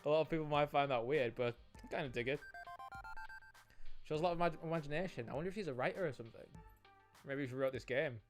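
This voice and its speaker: A man's voice: a little high, fast, long pauses, faint music behind. A man commenting on a video game he plays with a friend, joking and laughing often. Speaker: streamer. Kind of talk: let's-play commentary.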